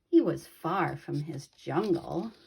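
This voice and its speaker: Slow, expressive woman reading aloud. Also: sits low, gravelly, a little hiss or hum. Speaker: storybook reader. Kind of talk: children's picture book read-aloud.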